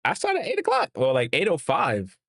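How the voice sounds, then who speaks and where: A man runs a fan watch-along, calling the game play by play in a casual live commentary while cheering on the players and laughing with his chat. He's excitable, with a slightly high voice and a fairly quick pace, in a clean studio recording with no room sound.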